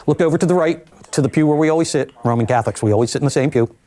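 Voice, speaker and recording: An older man recounting his own survival in a documentary interview, measured and reflective with vivid asides. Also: fairly high pitch, dark tone.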